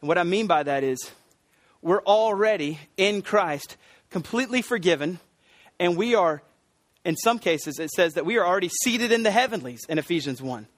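A man's voice: high voice, animated, moderate pace, no echo, studio quality. A middle-aged American man preaching a sermon as pastor, earnest, stressing and repeating key words, with frequent ums and restarts. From United States.

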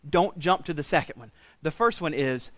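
A pastor preaching a sermon in a church, swinging from quiet intensity to loud, raised pleading. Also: male voice, a little high, expressive, normal speed, no room sound. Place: church sanctuary.

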